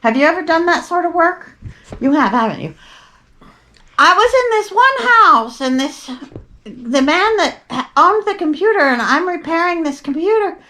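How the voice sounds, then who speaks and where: A woman's voice: high voice, sharp tone. An older woman hosting a show, telling rambling, chatty stories with wry asides and frequent digressions. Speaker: podcast host. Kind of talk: rambling casual storytelling.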